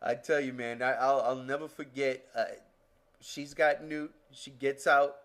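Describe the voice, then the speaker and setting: A man co-hosting a podcast, talking about movies in an excitable way with lots of swearing. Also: medium pitch, unhurried. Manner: excitable, swearing, re-enacts scenes. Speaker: podcast co-host. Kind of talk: casual movie chat.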